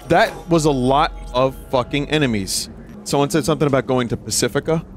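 A man's voice: medium pitch, fairly quick, over music. A man in his thirties giving casual, joking gameplay commentary to his chat, often swearing. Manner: joking, profane, talks to chat. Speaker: streamer.

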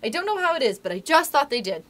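A woman reading aloud and voicing an excitable small boy who breaks in eagerly. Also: a little high, rapid-fire, voice pushed up.

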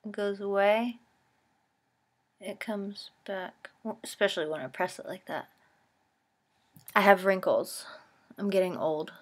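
A woman in her twenties from the East Coast of the United States, chatting to her camera at home in a rambling way full of "like" and "um". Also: lowish voice. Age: 20s. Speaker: vlogger. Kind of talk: casual chat to camera.

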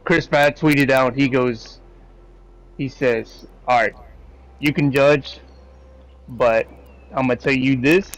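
Male host, casual review chat, rambling and profane, mid-pitched voice. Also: slow pace, pauses often, low-quality recording. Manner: rambling, swears freely, animated opinions.

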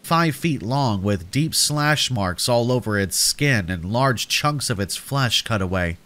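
A man's voice: mid-range voice, expressive, unhurried, sharp tone. A man narrating a scary story in a scripted, dramatic storytelling manner.

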